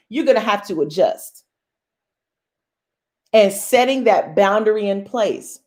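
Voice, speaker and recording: A woman's voice: medium pitch, unhurried, pauses often, darkish tone. A young woman hosting a casual motivational talk to her viewers, emphatic and bold like a preacher. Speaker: host.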